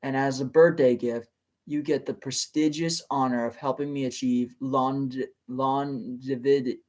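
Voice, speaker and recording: A man voicing a large, cruel male monster who talks in an unnervingly charismatic, smooth way. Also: mid-range voice, fairly even intonation, a little slow, darkish tone, close to an everyday voice. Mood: mocking. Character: smooth-talking cruel male Bergen monster, huge and sinister.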